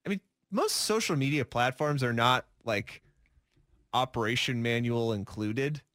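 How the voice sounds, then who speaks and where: A man's voice: medium pitch, a little slow, a bit bright, dry recording, studio quality. A man co-hosting a radio talk show, opinionated and sarcastic, often acting out what other people say. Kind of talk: casual chat.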